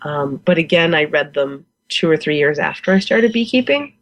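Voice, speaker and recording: A woman's voice: low-pitched, animated, normal speed, poor audio. A woman in her forties from the United States, a guest beekeeper chatting in an interview, enthusiastic and laughing often. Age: 40s. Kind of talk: casual interview chat.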